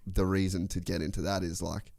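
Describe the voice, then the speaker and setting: A man's voice: deep voice, little pitch movement, a little fast, creaky, mellow. A man hosting a casual podcast chat, swearing freely and laughing as he talks. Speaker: podcast host.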